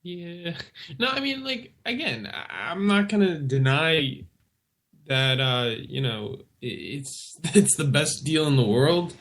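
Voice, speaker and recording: Male radio co-host, slightly high voice, hesitant and casual in debate. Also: expressive, slow pace, fairly bright tone. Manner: casual, hesitant, many fillers. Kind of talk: political debate on talk radio.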